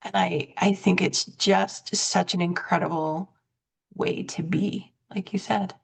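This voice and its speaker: A woman's voice: lowish voice, fairly even intonation, slow pace, creaky, breathy edge. A woman hosting a coaching podcast, reflective and self-correcting, telling stories and acting out both sides of the dialogue. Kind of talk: conversational interview.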